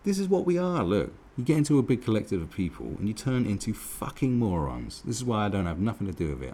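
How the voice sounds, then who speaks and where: A man's voice: fairly low pitch, big pitch swings, fast, hardly any pauses, dark tone, slight background noise. A man giving a profane, mocking commentary rant as host of his own channel. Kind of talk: ranting commentary.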